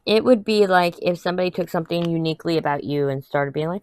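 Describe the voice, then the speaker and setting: A woman's voice: lowish voice, fast, hardly any pauses, a little mellow, smooth, no room sound. A young adult woman chatting candidly to her viewers while crafting, rambling and venting with some laughs. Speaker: vlogger. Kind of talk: casual chat to camera while crafting.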